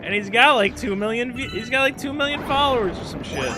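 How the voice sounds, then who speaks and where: A man streaming a video game, chatting casually in a rambling, profane way with quick asides. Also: very high-pitched, sing-song. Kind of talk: casual gameplay chat. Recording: clear game music underneath. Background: game music.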